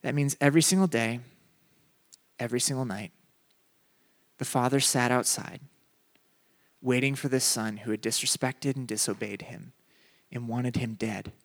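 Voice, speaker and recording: A young adult man preaching a sermon, telling a funny personal story with big rises in his voice, then dropping low and soft for the message. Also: steady tone, normal speed, pauses often.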